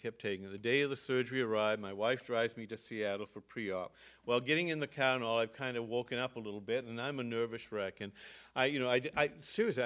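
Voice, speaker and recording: An older man, a pastor, telling a personal story in an earnest sermon with halting restarts. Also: mid-range voice, a bit bright.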